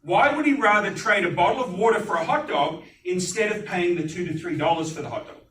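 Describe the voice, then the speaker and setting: A man giving a live sales pitch at a business networking meeting, animated and putting questions to the audience. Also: fairly quick, a little hiss or hum. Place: meeting room. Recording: echoey room, distant mic.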